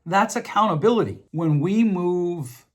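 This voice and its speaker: A man's voice: high-pitched, lively intonation, unhurried. A middle-aged man hosting a podcast, talking earnestly through relationship advice in a reflective monologue, often restarting and repeating himself. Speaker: podcast host.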